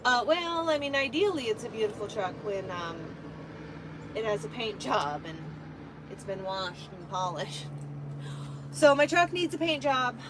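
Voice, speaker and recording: A woman's voice: fairly high pitch, big pitch swings, measured pace, noisy background. A woman truck driver chatting casually on a live stream from her truck cab, rambling with lots of ums.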